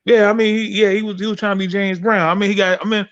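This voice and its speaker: A man hosting a podcast, telling a story in a profane, animated way with many restarts. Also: high voice, fast talker, no room sound, muffled recording. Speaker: podcast host and performer. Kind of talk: casual chat, storytelling.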